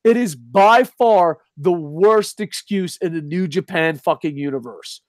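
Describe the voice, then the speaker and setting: A man's voice: sits high, measured pace, dry recording, clean studio sound. A man co-hosting a casual wrestling talk show, ranting in a heated, profane way. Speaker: podcast co-host.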